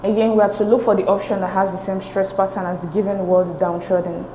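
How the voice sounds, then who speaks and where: A woman's voice: mid-range voice, level tone, quick pace, warm tone. A woman working through English exam questions as a tutor, explaining them step by step with a patient manner and checking in with "okay?". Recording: echoey room with faint noise.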